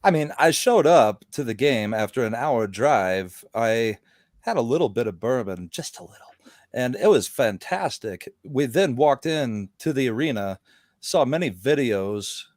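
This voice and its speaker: A man telling his story in a relaxed, matter-of-fact way in a casual stream chat. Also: mid-range voice, unhurried, dry recording, clean studio sound. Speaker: guest.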